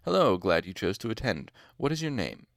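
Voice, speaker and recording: A man's voice: on the low side, very animated, brisk, vocal fry, no echo, studio quality. A man reading aloud as a stern male university master who scolds late students with mock courtesy. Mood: scolding.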